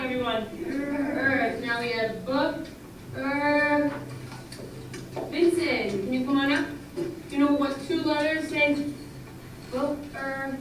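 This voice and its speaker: A brisk, encouraging woman teacher leads children through a phonics lesson, her voice pitched high. She is heard from far off across a very echoey, noisy classroom. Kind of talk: classroom instruction. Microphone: far camera.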